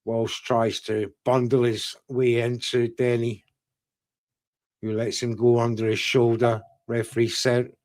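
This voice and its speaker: A man's voice: medium pitch, little pitch movement, unhurried, a little mellow, no echo. A man giving live boxing commentary on a watchalong stream, talking casually to viewers and answering their chat. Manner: conversational, talks straight to viewers by chat name. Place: UK-based streaming setup.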